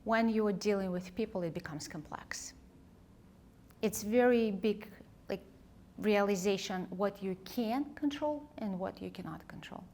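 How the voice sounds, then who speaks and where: A woman leadership coach and author, speaking as an interview guest in a thoughtful, heartfelt way, often pausing to search for words. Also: mid-range voice, mellow. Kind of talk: reflective conversational interview.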